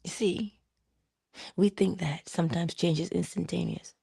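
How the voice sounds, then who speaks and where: A middle-aged woman hosting a casual motivational talk, telling personal stories with laughter and hushed asides. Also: lowish voice, unhurried, vocal fry, husky, dry recording, studio quality. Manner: animated storytelling, laughs often, drops into hushed asides. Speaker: channel host.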